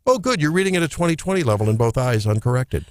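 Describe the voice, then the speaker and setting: A man's voice: medium pitch, expressive, quick pace, no echo, clean studio sound. A man with a Midwestern American accent hosting a morning radio show, giving jokey, incredulous commentary. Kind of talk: talk radio banter and commentary. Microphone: studio microphone.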